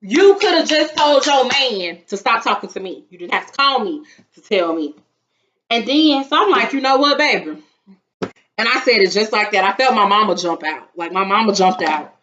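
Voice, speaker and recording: Speaking at a moderate pace in a medium-pitched voice, a young vlogger acts out quotes while dramatically retelling a story in casual chat. The lo-fi recording sounds dull, with slight background noise.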